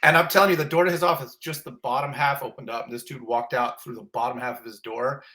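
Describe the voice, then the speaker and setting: A middle-aged man tells a story with a bright, forceful tone. He is a fire captain guest in a casual interview, lively and self-mocking, acting out the voices of people in his story. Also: mid-range voice, quick pace.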